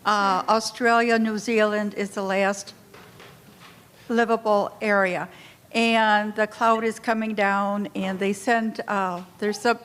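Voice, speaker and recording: A woman's voice: medium pitch, level tone, slow, a bit bright, smooth. A woman in the audience asking a question, hesitant and with fillers. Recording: long hall reverb.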